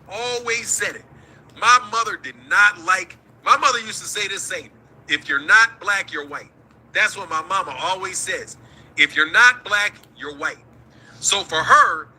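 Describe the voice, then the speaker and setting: Casting: middle-aged man, very bright husky voice, heated and profane. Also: high voice, poor audio. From United States. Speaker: boxing talk show host. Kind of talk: livestream rant.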